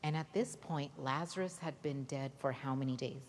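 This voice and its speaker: A woman telling a Bible story to children at a church holiday Bible school, lively and often asking the kids questions. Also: a bass voice, moderate pace. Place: church hall. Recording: reverberant hall, faint noise.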